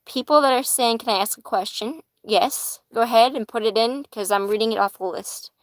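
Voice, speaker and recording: A woman's voice: a little high, a little fast, no room sound, rough recording. A woman giving casual live-stream tarot readings in a chatty manner, swearing casually and laughing easily. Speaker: tarot reader.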